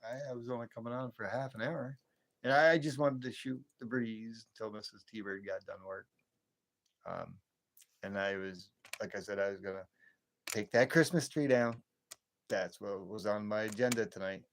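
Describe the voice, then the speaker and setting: Low-voiced man rambling on a casual stream. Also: steady tone, normal speed. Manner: rambling, chatty, chuckles often, answers viewer comments. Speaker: livestream host. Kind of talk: casual late-night livestream chat.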